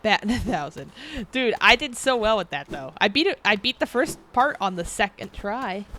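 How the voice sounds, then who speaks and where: A young adult woman streamer talking through a video game, expressive, laughing and yelling at the game. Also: mid-range voice, normal speed, a little hiss or hum. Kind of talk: gaming commentary. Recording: game music behind the voice.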